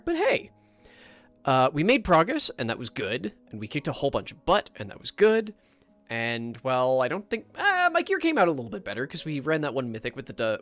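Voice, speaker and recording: A man's voice: medium pitch, bright, forceful tone. A man hosting a casual gameplay livestream, chatting in a rambling way and swearing now and then.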